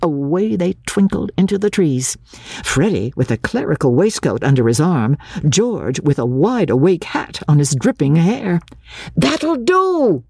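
A woman reading a classic novel aloud with expressive, lilting narration. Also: low voice, moderate pace, breathy edge, no echo, studio quality. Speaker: audiobook reader.

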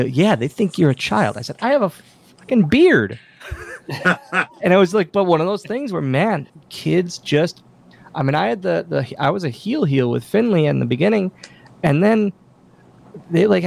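Gravelly man telling lively stories. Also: fairly high pitch, normal speed. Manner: animated anecdotes with acted-out quotes. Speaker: podcast guest, wrestler and wrestling school owner. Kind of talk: casual interview storytelling.

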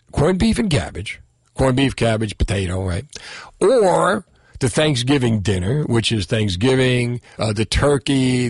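A man's voice: mid-range voice, breathy edge, no echo, clean studio sound. A middle-aged man hosting a radio talk show, joking and rambling about food. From Italian-American. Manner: animated, jokey, rambling. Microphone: studio microphone.

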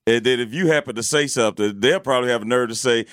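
A man's voice: medium pitch, fast, a bit bright, no echo, clean studio sound. A man co-hosting a casual radio talk show, hesitant with many fillers and frequent laughter. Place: radio studio.

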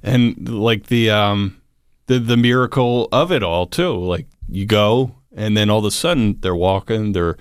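A man hosting a radio talk show, speaking into a studio mic with a dry, close sound. His voice sits a bit low, and he chats casually while encouraging his guest with quick agreement. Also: clear, resonant tone, no room sound. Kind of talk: casual interview chat.

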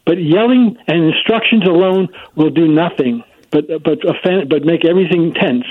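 A man's voice: on the high side, moderate pace, breathy edge, no echo. Emphatic man on a phone line. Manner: emphatic, explanatory. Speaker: child psychology expert guest. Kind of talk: explaining in an interview. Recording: dry tinny phone line.

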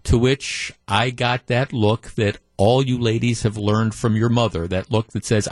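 A man's voice: mid-range voice, steady tone, a little slow, hardly any pauses, no room sound. Male radio talk host, conversational and opinionated, close dry studio mic.

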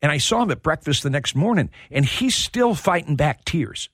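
A man hosting a sports radio show, telling stories in a heartfelt, halting way. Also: on the high side, sing-song, a bit bright, husky, no room sound, clean studio sound. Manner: storytelling, emotional, repeats words when starting. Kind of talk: casual sports talk.

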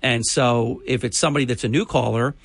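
A man's voice: mid-range voice, steady tone, fairly quick, vocal fry, no room sound. A man hosting a morning talk radio show, talking in an emphatic, chatty way.

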